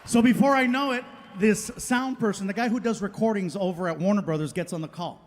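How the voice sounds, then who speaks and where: A Mexican American man doing stand-up on stage, telling stories with animated acted-out dialogue. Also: high-pitched, a little fast, some chatter behind, a little hiss or hum. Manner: animated, acts out dialogue with voices. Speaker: stand-up comedian. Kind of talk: stand-up storytelling. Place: comedy stage before live audience.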